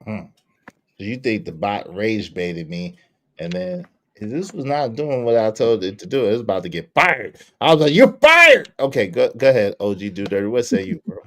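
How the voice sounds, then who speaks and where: Animated man hosting a livestream. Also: on the low side, moderate pace. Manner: animated, acts out quotes with changing voices. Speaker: livestream talk show host. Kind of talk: casual panel chat.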